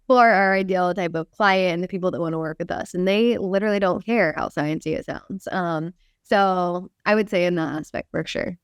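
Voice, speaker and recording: A young woman coach talks in a quick, chatty way, laughing often as she answers questions. Her voice is smooth and clear, recorded close and dry with no room sound. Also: lowish voice, dry recording. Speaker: fitness coach and company founder. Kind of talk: casual podcast interview.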